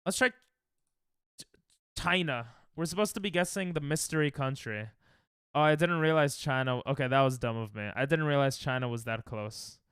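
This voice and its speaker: A man's voice: mid-range voice, normal speed, a bit bright, clear, resonant tone, no room sound, clean studio sound. A young American man streaming a geography guessing game, thinking aloud and trash-talking his chat. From United States. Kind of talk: casual live-stream chatter while playing.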